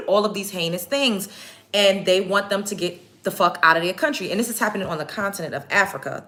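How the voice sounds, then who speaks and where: Host, woman, bright forceful voice, blunt profane commentary. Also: fairly low pitch. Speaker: show host. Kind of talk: casual commentary vlog.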